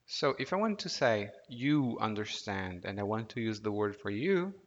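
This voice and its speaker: A man teaching an audio language lesson, patient and deliberate, prompting the listener to repeat words aloud. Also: fairly low pitch, very animated. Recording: dull lo-fi audio with long reverb.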